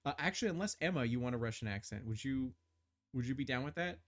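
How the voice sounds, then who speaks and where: A man's voice: mid-range voice, expressive, fast talker. A man running a tabletop game as game master, describing scenes with many fillers and restarts.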